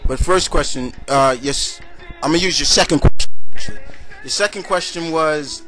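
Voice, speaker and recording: A man's voice: on the high side, normal speed, pushed and bright, faint music behind. Rambling young man, chatty vlog talk. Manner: rambling, many restarts and fillers. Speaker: vlog host answering viewer questions. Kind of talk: casual rambling chat.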